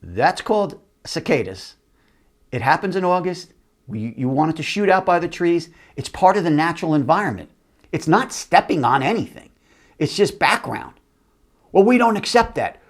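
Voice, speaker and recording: A middle-aged company CEO hosts a show and tells a story from his career in a casual monologue. Speaking at a moderate pace in a voice on the high side, he animatedly acts out the voices of the other people involved.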